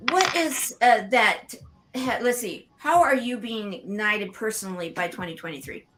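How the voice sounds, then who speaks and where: Bright-voiced woman co-hosting, halting. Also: mid-range voice, faint music behind. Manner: halting, searching for words. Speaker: show co-host. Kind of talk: online show interview. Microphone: video call.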